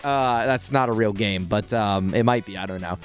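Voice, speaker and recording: A man's voice: lowish voice, moderate pace, faint music behind. A man streaming a video game, chatting casually and animatedly, swearing freely and laughing often. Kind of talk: casual live-stream chat.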